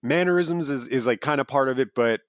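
Casually chatting as a podcast co-host, this man speaks a little fast at a medium pitch, rambling with frequent fillers and restarts. The studio-quality audio has no room sound.

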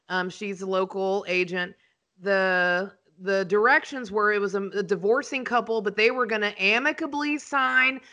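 A woman, a podcast host and real estate agent telling animated, dramatic stories in casual chat. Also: medium pitch.

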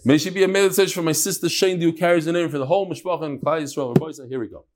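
A man's voice: a little high, quick pace, background noise. A man giving a casual daily Talmud class, chatty, with frequent Yiddish and Hebrew terms. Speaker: Talmud teacher.

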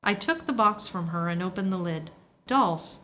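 A woman's voice: lowish voice, animated, normal speed, pushed and bright, slight background noise. A woman narrating a first-person audiobook story, confiding and reflective in tone.

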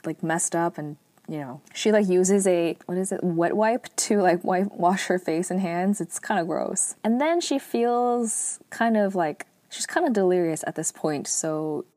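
A young woman casually retelling a TV drama episode, chatty and filled with "like" and "um", adding lively asides. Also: a little slow, few pauses, no echo. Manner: chatty, heavy use of "like" and "um"; lively asides, acts out quotes in a higher voice. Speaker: drama recap vlogger.

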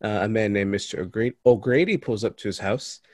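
A man's voice: fairly low pitch, brisk, a little mellow, no room sound, studio quality. A young adult man hosting a podcast in casual chat, joking and laughing as he recaps a movie. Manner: jokey, laughs often, recaps with restarts. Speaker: podcast host.

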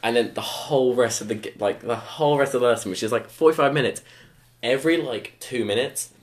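A man's voice: mid-range voice, quick pace. A young man telling rambling school stories on a casual podcast, full of "like" fillers and laughter. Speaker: podcast co-host. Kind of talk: casual storytelling chat. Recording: echoey room.

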